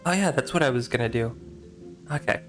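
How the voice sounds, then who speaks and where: A man's voice: medium pitch, lively intonation, fairly quick, fairly bright tone, faint music behind. A man casually talking through a game on a live stream, rambling, unsure and poking fun at himself. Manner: casual, rambling and self-mocking, often unsure. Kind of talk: live-stream gameplay commentary.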